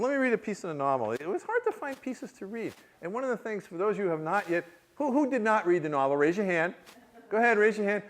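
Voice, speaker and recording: A man, an author giving a reading, telling humorous stories to a live audience, laughing often and joking with the crowd. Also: fairly high pitch. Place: university reading before an audience.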